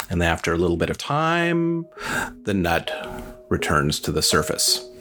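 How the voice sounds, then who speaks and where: A man's voice: lowish voice, fairly bright tone. Chatty man telling a folk tale. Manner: chatty, joking, lots of fillers. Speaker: storyteller. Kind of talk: casual storytelling.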